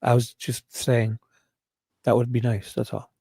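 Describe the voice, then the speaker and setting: A man hosting a casual livestream, soft-spoken and a little apologetic. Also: medium pitch, monotone, measured pace, creaky, slightly rough, no echo. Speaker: livestream host.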